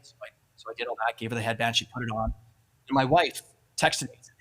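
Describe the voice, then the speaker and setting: A middle-aged man addresses an awards event with a motivational speech. He tells his stories with energy, acts out the dialogue, and drops into soft asides. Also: medium pitch, a little fast, low-quality recording. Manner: animated storyteller acting out dialogue. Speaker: keynote speaker. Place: event hall.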